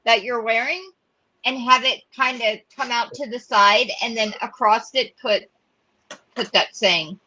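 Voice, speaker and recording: A woman's voice: on the high side, fairly even intonation, measured pace, pushed and bright, muffled recording. A woman from South Dakota in a casual group chat, explaining things in a matter-of-fact way.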